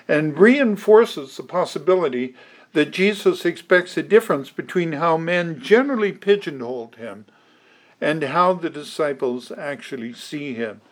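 A man preaching an expository sermon, teaching at a measured pace with frequent ums and restarts. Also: a little high.

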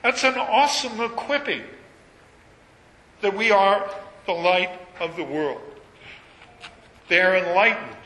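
A man preaching a sermon, reading scripture aloud and rising to emphatic, high-pitched peaks on key phrases. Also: takes it slowly, pauses often, pushed and bright. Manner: reads scripture in King James wording, builds to emphatic high peaks. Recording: echoey hall with long reverb, faint ambience.

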